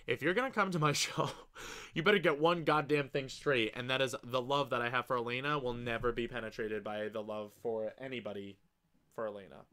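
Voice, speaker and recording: A young man hosts a casual live stream and reads viewer comments aloud. His voice is bright and forceful, and he talks in an excitable, gushing way, swearing freely. His pitch sits in the middle range. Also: fairly quick.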